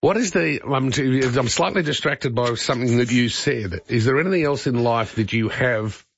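A man's voice: mid-range voice, expressive, moderate pace, gravelly, slight background noise. A man with an Australian accent co-hosting breakfast radio, teasing and taking callers in turn. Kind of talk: casual radio banter. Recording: dull, dry studio sound.

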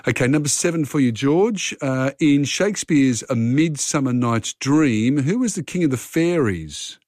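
A man's voice: medium pitch, lively intonation, unhurried, a little mellow, dry recording, studio quality. A man hosting a radio phone-in quiz, chatting casually and talking contestants through the questions.

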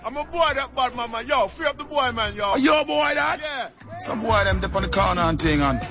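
A man's voice: very high-pitched, expressive, fairly quick, sharp tone, full character voice. A man voicing a brash young male street tough in a mock Jamaican patois, rambling in boastful slang, heard as a played clip. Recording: muffled played clip with music.

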